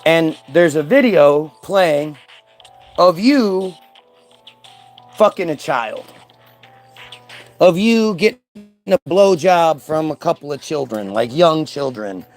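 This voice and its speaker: A man's voice: on the high side, expressive, slow, pauses often, faint music behind. A man telling a long story in a casual monologue, acting out the dialogue and swearing freely.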